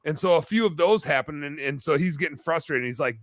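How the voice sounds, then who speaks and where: Man, podcast guest, animated storyteller, bright tense voice, fairly high pitch, dry close sound. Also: fast, few pauses, dry recording. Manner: animated storyteller, many fillers. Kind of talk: casual storytelling chat. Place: bar-themed podcast set.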